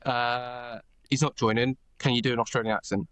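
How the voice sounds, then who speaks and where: A man's voice: mid-range voice, little pitch movement, brisk, a bit bright, no echo. A man co-hosting a podcast, chatting casually with a sheepish, jokey manner. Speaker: podcast co-host.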